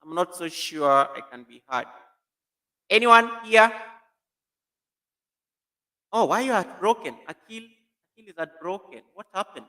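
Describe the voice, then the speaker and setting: A man's voice: fairly high pitch, animated, normal speed, a bit bright. A man hosting a casual live stream, animatedly greeting viewers by name while testing a new computer mic in an echoey room.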